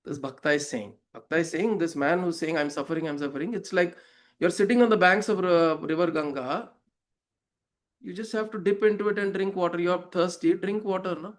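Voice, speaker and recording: A man's voice: high-pitched, moderate pace. Reflective man teaching scripture. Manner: reflective, poses rhetorical questions, tells parables. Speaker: spiritual teacher. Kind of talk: explaining a scripture verse.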